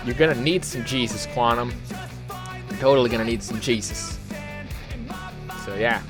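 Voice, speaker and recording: A man's voice: mid-range voice, normal speed, music in the background. A young American man commenting casually as a YouTuber, rambling, profane and incredulous, with lots of fillers. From United States.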